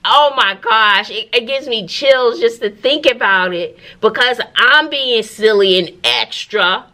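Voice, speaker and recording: A woman teacher with a Southern US accent, chatting in a casual vlog from her classroom, animated, with folksy asides. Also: fairly high pitch, unhurried. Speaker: teacher and vlogger. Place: classroom at school.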